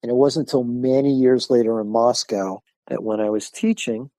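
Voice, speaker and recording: An older man, a martial arts instructor, telling lively stories in a podcast interview and acting out the people he quotes. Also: mid-range voice, moderate pace, no room sound. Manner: animated storyteller acting out quoted voices.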